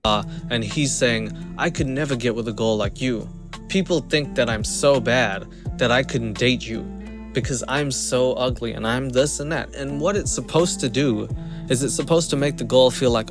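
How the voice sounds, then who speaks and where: A man streaming a reaction video, commenting in a mocking, animated, casual way. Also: mid-range voice, normal speed, music in the background.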